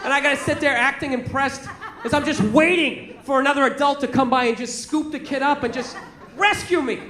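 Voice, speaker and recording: High-voiced self-mocking stand-up comic. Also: male voice, brisk, noisy background. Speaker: stand-up comedian. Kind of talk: stand-up comedy routine. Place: live comedy stage. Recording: echoey stage recording with crowd laughter.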